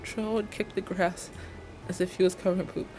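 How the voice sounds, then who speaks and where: A woman's voice: lowish voice, level tone, fairly quick, darkish tone, faint music behind. A woman streamer chatting casually while building in a game, rambling, joking and laughing often.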